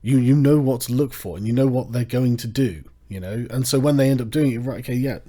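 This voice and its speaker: Male channel host, mellow low timbre, swears freely, sarcastic and heated in a loose livestream rant. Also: a little fast. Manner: profane, sarcastic, animated.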